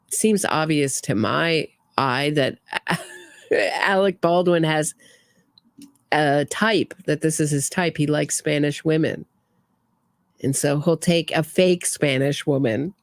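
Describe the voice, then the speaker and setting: A woman's voice: low-pitched, unhurried, dry recording. A woman hosting a true crime commentary, talking casually and sarcastically with frequent restarts. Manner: opinionated, sarcastic, trailing restarts.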